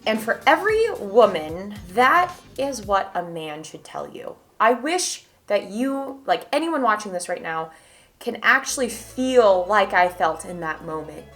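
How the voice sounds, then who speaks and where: Young woman yapping a story to camera, super expressive, jumps loud then quiet, soft music in back. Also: medium pitch, slow pace. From Idaho, US. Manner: animated, chatty, swings from loud to hushed. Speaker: vlogger.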